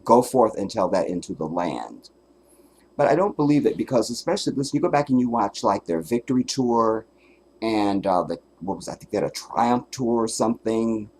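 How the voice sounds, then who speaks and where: A man hosting a casual solo livestream, telling stories with animated, profane energy, often breaking into laughter and sometimes making emphatic declarations. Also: mid-range voice, a little fast, husky. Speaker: livestream host.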